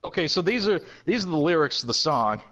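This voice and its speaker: A man in casual chat with a friend, laughing often and reading words aloud in a slow mocking drawl. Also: fairly high pitch, sing-song, fairly bright tone, highs cut off.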